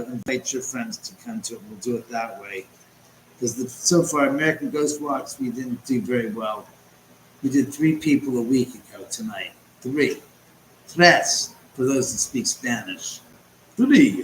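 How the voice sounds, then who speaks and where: A man's voice: medium pitch, roomy sound, a little hiss or hum, rough recording. A man hosting a casual livestream chat from home, rambling and sarcastic and swearing often. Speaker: livestream host.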